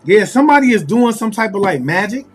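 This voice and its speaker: A man giving a casual tarot reading to viewers, talking in a musing, repetitive way and pausing to call on spirit. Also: high-pitched, very animated, music in the background. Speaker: tarot reader.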